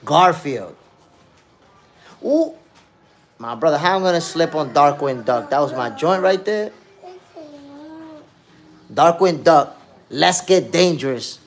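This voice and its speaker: A man in his fifties hosts a live stream in a loose, slangy, animated way. He reminisces eagerly while answering the chat, and his voice sits a bit high for a man. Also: takes it slowly, pauses often. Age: 50s. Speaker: boxing podcast host.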